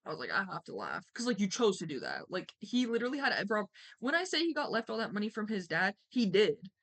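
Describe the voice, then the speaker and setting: Young female streamer, chatty storyteller, mid-pitched, candid, filler-heavy. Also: wildly swooping pitch, fast, creaky, fairly bright tone. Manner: chatty and candid, many "like" fillers, acts out quotes in a higher voice. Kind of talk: casual storytelling to stream chat.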